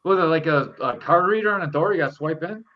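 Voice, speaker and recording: A man's voice: a little high, fast talker. A man co-hosting a casual chat, joking in laid-back banter over a video call. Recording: dull lo-fi call with faint noise.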